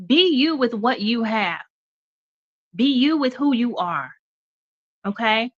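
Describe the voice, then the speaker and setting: A woman's voice: fairly high pitch, expressive, slow pace, lo-fi sound. A woman hosting a radio show, giving an encouraging motivational talk and calling her listeners y'all, a little stuffy. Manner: encouraging, addresses listeners as y'all, repeats okay.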